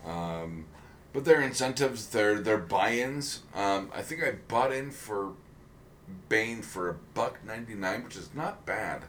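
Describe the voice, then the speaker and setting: A man's voice: on the low side, lively intonation, slow pace, fairly bright tone, slight background noise. A man co-hosting a casual podcast chat, rambling with many ums and restarts. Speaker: podcast co-host.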